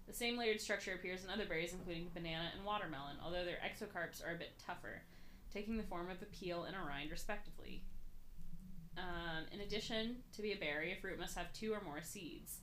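A woman's voice: lowish voice, fast, a bit bright, a little hiss or hum. A young woman co-hosting a casual podcast, giggling and stumbling over words as she reads an article aloud. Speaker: podcast co-host.

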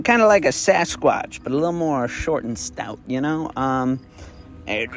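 A young man improvising a second-person story, rambling with restarts and the odd swear word. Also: mid-range voice.

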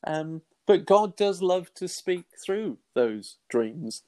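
Here the middle-aged Christian teacher's voice is high-pitched and slow. He stays earnest and conversational, voicing quoted thoughts through animated exclamations and plenty of restarts.

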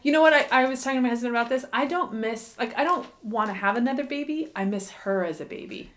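A woman in her thirties chatting casually as a co-host, telling stories with animated delivery and frequent laughs. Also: fairly high pitch, fast talker. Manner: animated storytelling, laughs often. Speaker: podcast co-host and mother. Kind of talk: casual chat.

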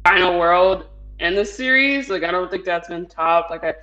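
A man's voice: high-pitched, moderate pace, sharp tone, dull audio, soft background music. A man chatting casually as a podcast co-host, rambling with many fillers and frequent laughs. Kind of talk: casual chat.

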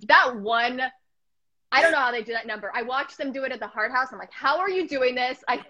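A young woman hosting a casual chat, telling stories in a rambling, animated way with lots of restarts. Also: a little high, fast talker. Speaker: podcast host. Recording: dull lo-fi audio.

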